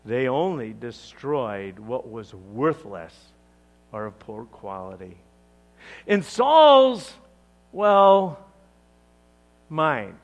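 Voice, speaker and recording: A male pastor preaching a sermon in an expressive, dramatic, emphatic way. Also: mid-range voice, drawn-out words, pauses often.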